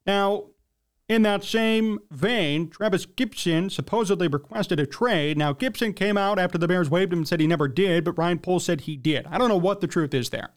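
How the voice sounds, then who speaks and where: A man's voice: high-pitched, moderate pace. A young man hosting a sports talk show, giving blunt, emphatic opinions.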